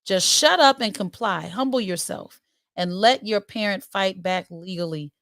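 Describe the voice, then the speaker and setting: A woman's voice: mid-range voice, unhurried, fairly bright tone, dry recording, studio quality. A woman in her forties doing a voice for a viewer's comment, a sincere and saddened woman, read plainly. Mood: earnest. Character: earnest woman commenter, sad and serious.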